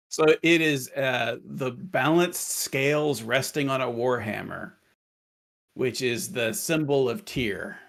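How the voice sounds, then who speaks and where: A man narrating as game master in a tabletop game, joking and punning as he slowly describes the scene. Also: mid-range voice, vocal fry, a bit bright.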